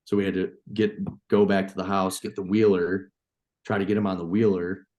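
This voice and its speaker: A man from New York, a farmer and hunter, telling a story as a podcast guest, excited and profane. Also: deep voice, fairly quick, muffled recording. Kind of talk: casual storytelling.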